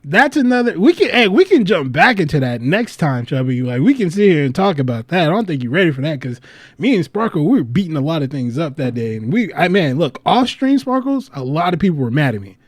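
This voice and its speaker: A US livestream host talks fairly quickly in a slightly high voice, with no echo. He rambles through animated stories in a casual chat, laughing a lot, swearing freely, and often starting over.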